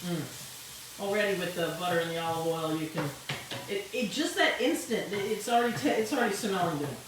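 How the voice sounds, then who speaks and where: A woman's voice: on the low side, animated, brisk. A woman with a light Italian-tinged accent talks her way through a recipe in her home kitchen, rambling a little and explaining as she goes. Her voice bounces around a very echoey room, picked up from a distance with faint room hiss behind it. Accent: Italian-tinged English. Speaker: home cooking show host. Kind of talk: casual cooking demonstration.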